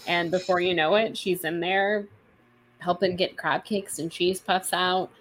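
A woman's voice: lowish voice, a little slow, a little hiss or hum. A woman co-hosting a podcast, casually retelling a novel's scenes in a chatty way, full of quoted dialogue and fillers. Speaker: podcast co-host. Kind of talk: casual book-club chat, retelling a novel.

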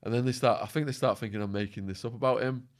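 A man guest in an interview, telling stories animatedly and acting out quotes, his voice going hoarse. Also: mid-range voice, steady tone, fast talker. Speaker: podcast guest. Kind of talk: storytelling in an interview.

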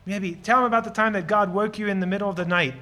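Speaking fast in a high-pitched, pushed and bright voice with fairly even intonation, a man from Lancaster County, Pennsylvania, gives a ministry talk as a guest speaker. It's earnest and enthusiastic, with audience questions and personal stories. He dramatizes short lines of dialogue as he explains.

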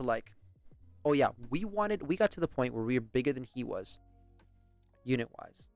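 A man's voice: medium pitch, no echo. Laid-back British guy telling stories. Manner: rambling, profane, laughs often. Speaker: podcast host. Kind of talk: casual storytelling chat.

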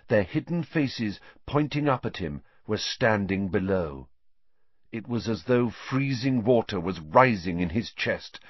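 A man's voice: lowish voice, breathy edge, no room sound. A man narrating a storybook audiobook dramatically, shifting his pace with the action. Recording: dull dry lo-fi sound.

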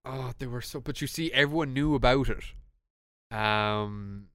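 Quick to laugh and full of energy, this young Irishman recounts a tale on a laid-back podcast he co-hosts, often tripping up and beginning again. The medium-pitched voice is smooth and clear, captured close and dry without any echo.

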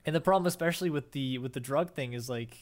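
A man's voice: medium pitch, fast. A young man co-hosting a casual podcast chat, rambling with many fillers and restarts. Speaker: podcast co-host.

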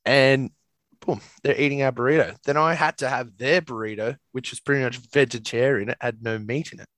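A man's voice: medium pitch, steady tone, fairly quick, a bit bright, dry recording. Young Aussie male co-host, dry close mic, rambling and sweary. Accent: Australian. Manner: rambling, swears, laughs often, restarts. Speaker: podcast co-host. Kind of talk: casual chat.

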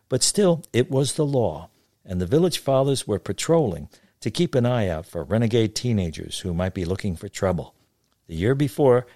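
A man telling a wry story from his childhood in an unhurried way. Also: on the low side, darkish tone, no echo, studio quality. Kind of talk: told memoir story.

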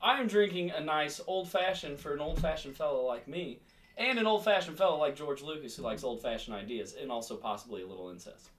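A man's voice: on the high side, brisk, a bit bright, far from the mic, slight background noise. A man co-hosting a casual podcast chat in a playful, rambling way. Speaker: podcast co-host.

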